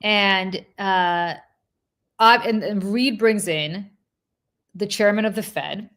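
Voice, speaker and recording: A woman hosting a political talk show, telling a story in an animated, casual way with asides and restarts. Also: medium pitch, takes it slowly. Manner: slips into mocking quoted voices of politicians. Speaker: political commentator and show host.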